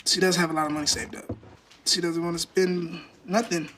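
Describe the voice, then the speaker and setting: A man's voice: on the high side, level tone, a little fast, noisy background. A man on a reality TV show complaining in a resigned way. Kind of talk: reality TV interview. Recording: TV clip with music under it.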